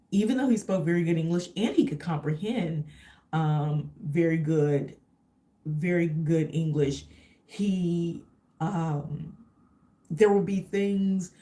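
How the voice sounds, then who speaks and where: This Texas woman has a lowish, warm voice and works as a travel vlogger. On a livestream she chats casually with viewers, rambling through meandering asides packed with fillers.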